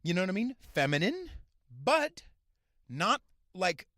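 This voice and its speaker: A man hosting his own show, ranting crudely with a lively, leaping pitch. His voice sits fairly high for a man and sounds dry and close. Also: unhurried, no echo. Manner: crude, swings from mumbling to shouting. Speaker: podcast host. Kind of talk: profane ranting monologue.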